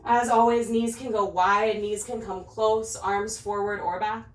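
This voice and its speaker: A woman instructor gently cueing poses in time with the breath during a guided yoga class, slightly out of breath as she moves along. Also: mid-range voice, measured pace. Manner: calm, gentle cues paced to the breath. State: a little out of breath while practicing along. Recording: roomy, picked up from a distance.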